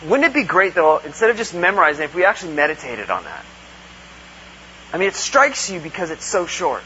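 A man's voice: fairly high pitch, sing-song, brisk, sharp tone. A man preaching a conversational sermon, earnest, asking rhetorical questions and acting out quotes. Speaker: pastor. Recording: dull lo-fi recording with faint hum.

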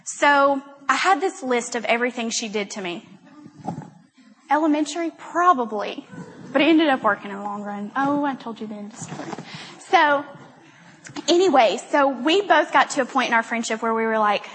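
A woman's voice: fairly high pitch, expressive, a little hiss or hum. A young woman giving a rambling, self-deprecating testimony talk at a church gathering. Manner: chatty, rambling, self-deprecating and quick to laugh. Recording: long reverb of a hall.

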